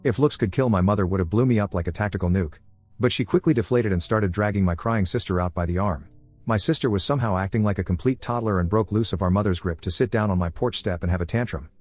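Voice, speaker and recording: A man reads a first-person story at a rapid clip. His voice sits on the low side and sounds slightly husky, and his telling is blunt and salty. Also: darkish tone, faint music behind. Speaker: story narrator.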